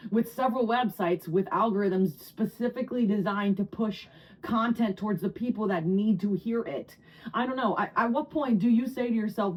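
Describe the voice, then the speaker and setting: A woman of around forty from New Jersey giving a casual tarot reading to camera, chatty and excitable, often breaking into laughter and high squeals. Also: low-quality recording. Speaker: tarot reader.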